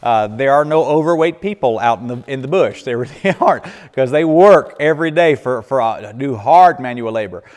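A man's voice: medium pitch, animated, moderate pace, hardly any pauses, a little mellow. A man, telling folksy stories and answering questions as a missionary speaker, laughing often and restarting his sentences. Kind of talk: church Q&A talk. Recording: echoey hall with long reverb.

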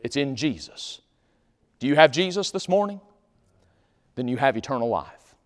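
A male pastor preaching a sermon in a church, swinging from loud shouts to quiet pleading. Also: medium pitch, big pitch swings, normal speed, in a large hall. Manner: impassioned Southern preaching with sudden loud shouts. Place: church sanctuary.

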